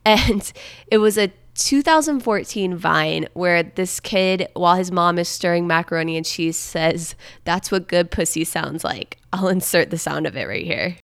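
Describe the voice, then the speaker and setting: A woman's voice: on the low side, normal speed, creaky, a bit bright, clear, resonant tone. A young woman hosting a podcast, chatting playfully and reading quotes aloud. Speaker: podcast host. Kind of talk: casual chat.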